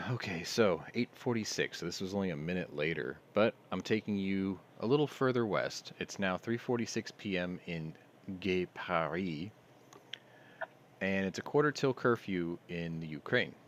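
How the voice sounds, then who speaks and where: Low-voiced sardonic male news streamer. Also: expressive, moderate pace, hardly any pauses, slight background noise. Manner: sardonic, reads headlines then riffs on them. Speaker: livestream news commentator. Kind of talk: casual news commentary.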